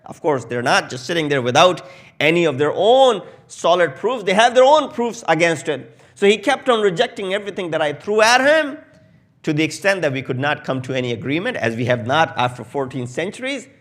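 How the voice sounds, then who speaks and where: A man preaching a sermon in English with a South Asian accent, telling a story with acted quotes that swell loud at the peaks. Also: on the high side, very animated, a little fast. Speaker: Shia preacher. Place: mosque hall.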